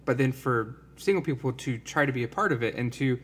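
A man's voice: mid-range voice, a little fast, a bit bright, slightly rough. A man talking earnestly and rambling a little, full of fillers, in a casual conversation about faith.

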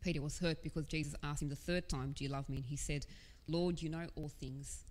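Low-voiced woman preaching in a reverberant hall. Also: fairly even intonation, brisk, darkish tone. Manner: conversational, earnest, with casual asides. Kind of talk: sermon.

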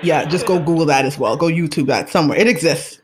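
A fast-talking podcast host with a mid-range voice gossips casually about celebrities, sounding chatty and animated. The talk is full of fillers and restarts, and laughter comes easily.

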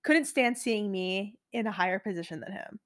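A woman in her twenties chats casually with a friend, rambling through stories, quoting others, and using lots of "like" fillers. Her medium-pitched voice moves at normal speed with a fairly bright tone.

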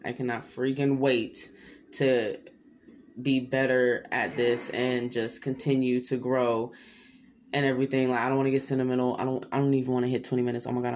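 A man's voice: darkish tone, a little hiss or hum. A young man hosting his own podcast, chatting loosely and rambling in slangy casual talk. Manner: rambling, loose and slangy, with sudden pitch jumps. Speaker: podcast host. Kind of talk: casual solo podcast chat.

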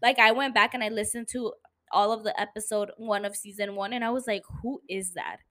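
A tipsy woman with a non-native English accent, hosting a podcast in a blunt, profane, animated casual monologue. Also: a little high, a little fast. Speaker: podcast host.

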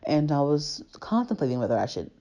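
A woman's voice: low-pitched, very animated, brisk, warm tone, lo-fi sound. A young woman in casual chat, rambling with many restarts and growing heated as she talks. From family from Tobago.

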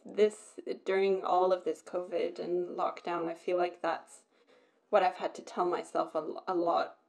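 A woman's voice: on the low side, little pitch movement, measured pace, gravelly, darkish tone. A woman in casual conversation, talking at length and laughing often. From Britain. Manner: chatty, laughs often, rambling. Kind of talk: casual chat.

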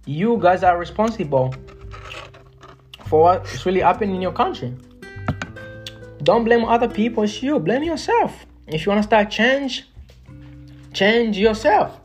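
A woman's voice: mid-range voice, expressive, unhurried, long pauses, faint music behind. A woman hosting a solo podcast, lecturing her listeners in a blunt, profane and emphatic way, repeating her points. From Congo. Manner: lecturing, repetitive. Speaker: podcast host.

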